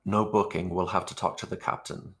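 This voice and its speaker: A gruff older ex-soldier adventurer, voiced by a man in a tabletop role-play stream. His voice sits very low, and he delivers his lines with a dry, teasing manner. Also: flat delivery, fairly quick, a bit bright.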